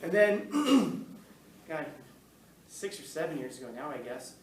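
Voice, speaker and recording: A man with a high-leaning voice and big swings in pitch speaks a little slowly as he rambles through stories for an audience, laughing and restarting frequently. Filmed in an echoey room, he's recorded from a distance, off-mic, against a noisy background with faint ambience.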